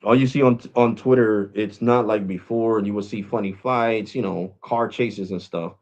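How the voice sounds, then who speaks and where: A man's voice: fairly low pitch, fairly even intonation, moderate pace, darkish tone, lo-fi sound. A man vlogging, ranting to his viewers in a blunt, mocking way. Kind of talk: opinion rant to camera.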